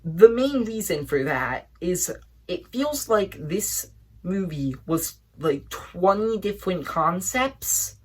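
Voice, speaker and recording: A woman's voice: lowish voice, lively intonation, slow, slightly rough. A woman giving a casual, emphatic movie review, often exasperated and full of "like" and repeated words.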